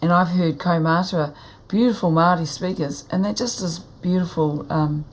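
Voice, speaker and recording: Kiwi woman interviewee, lowish voice, chatty, acts out phrases. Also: steady tone, normal speed, background noise. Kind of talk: casual interview talk.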